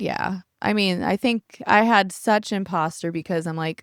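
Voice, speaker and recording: A woman's voice: mid-range voice, measured pace, few pauses, clear, resonant tone, no room sound, studio quality. A woman co-hosting a podcast on a yacht, chatting casually and acting out quotes with laughs. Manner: animated storytelling, acts out quotes, laughs often. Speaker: podcast co-host and photographer. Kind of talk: casual chat. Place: aboard a family yacht.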